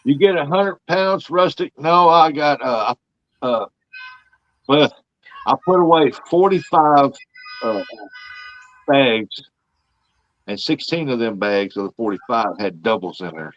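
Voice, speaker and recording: A man's voice: mid-range voice, slow, pauses often, a bit bright. An older man, rambling in folksy, easygoing talk as he hosts a casual livestream. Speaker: livestream host. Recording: dull, dry lo-fi audio.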